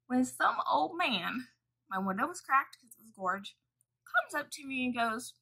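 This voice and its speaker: Bright, husky-voiced chatty woman. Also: sits high, big pitch swings, a little slow, low-quality recording. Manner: chatty, profane storytelling. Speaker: makeup vlogger. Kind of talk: casual makeup tutorial chat.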